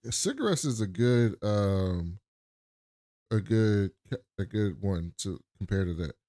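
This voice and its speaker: A man's voice: fairly low pitch, measured pace, dry recording, studio quality. A man co-hosting a casual podcast, recapping a TV episode and acting out the characters' lines with lots of swearing. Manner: animated retelling, acts out characters' lines with profanity. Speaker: podcast co-host.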